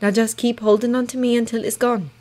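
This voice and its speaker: A woman voicing a tender, protective shapeshifter girl who speaks softly and calmly. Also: fairly high pitch, a little fast, voice pushed up, close to an everyday voice. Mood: soothing. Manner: soft, soothing, calm.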